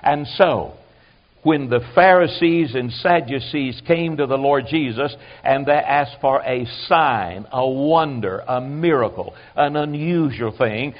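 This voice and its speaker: A man preaching a sermon, animated, acting out quoted voices and dropping to quiet asides. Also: medium pitch. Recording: dull lo-fi sermon recording.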